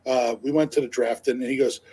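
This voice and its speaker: A man's voice: medium pitch, steady tone, brisk, warm tone, breathy edge, rough recording. A man telling a long, rambling story to his co-host on a live stream, full of fillers and restarts and laughing easily. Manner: laughs easily while talking. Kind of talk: casual chat on a live stream.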